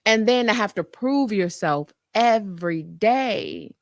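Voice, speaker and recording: A woman nurse hosting her own show, chatting to listeners in a lively way and acting out her own past reactions. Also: mid-range voice, takes it slowly, vocal fry, dry recording, clean studio sound. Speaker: nurse and podcast host. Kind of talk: casual storytelling to listeners.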